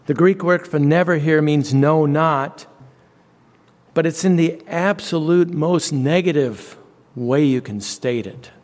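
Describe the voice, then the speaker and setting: A man preaching a sermon, slow and deliberate, leaning on repeated phrases for emphasis. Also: a little high, a little mellow. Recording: long reverb.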